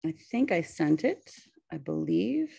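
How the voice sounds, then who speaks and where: A woman's voice: low-pitched, big pitch swings, unhurried, vocal fry, mellow, breathy edge, no room sound. Hesitant woman with a Pittsburgh accent. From western Pennsylvania. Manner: hesitant, many fillers, nervous laughs. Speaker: high school English teacher presenting. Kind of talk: webinar presentation. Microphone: video call.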